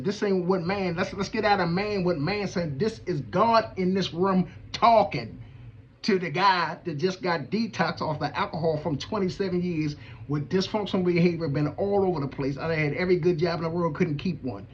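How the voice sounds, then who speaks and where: A middle-aged man giving an animated, emphatic personal testimony to an audience in casual vernacular. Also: high-pitched, normal speed, muffled recording, slight background noise. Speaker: veterans' advocate hosting a show.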